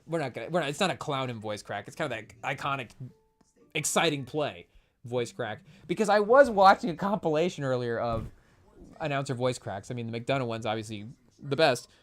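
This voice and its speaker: A young man hosting a live sports podcast in a casual, rambling way, often restarting his sentences and joking with his chat. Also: a little high. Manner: rambling, self-interrupting, jokey. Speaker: podcast host.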